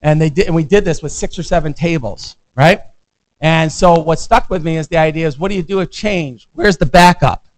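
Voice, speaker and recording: This fairly high-pitched, rough-sounding recording captures a visiting professor from the United States, a middle-aged man, speaking fairly quickly. His lecture stays conversational, with frequent check-ins with his students.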